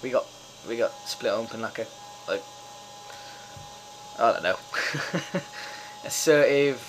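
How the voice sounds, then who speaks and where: A man's voice: medium pitch, unhurried, a little hiss or hum, rough recording. A young man giving casual live commentary over a football management game, swearing freely and cheering when his team scores. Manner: excitable, swears often, cheers at goals. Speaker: gamer doing live commentary.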